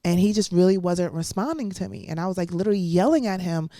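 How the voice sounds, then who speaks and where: A woman's voice: fairly low pitch, quick pace, dark tone, dry recording, studio quality. Blunt, laughing woman storyteller on a podcast. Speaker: comedian guest. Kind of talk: casual podcast chat, storytelling.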